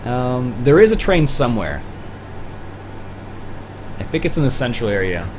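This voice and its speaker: A man's voice: medium pitch, very animated, normal speed, noisy background. A young Canadian man from Ontario chatting casually through a livestream, rambling with fillers and restarts. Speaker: streamer.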